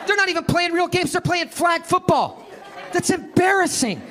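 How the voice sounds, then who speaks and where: A high-pitched man does stand-up with a lively, swooping delivery. He is brash and profane, and he jabs at the crowd. The live club recording is noisy, with an audience rumbling behind him. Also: normal speed. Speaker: stand-up comedian. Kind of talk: stand-up set. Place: comedy club stage. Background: audience laughter and room noise.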